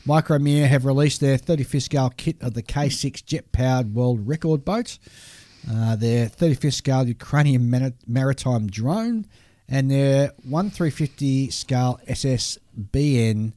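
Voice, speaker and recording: A man's voice: medium pitch, normal speed, dark tone, dry recording. Man reading model kit news, dry sound. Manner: stumbles over foreign kit names and laughs at himself. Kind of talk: casual chat reading a news list.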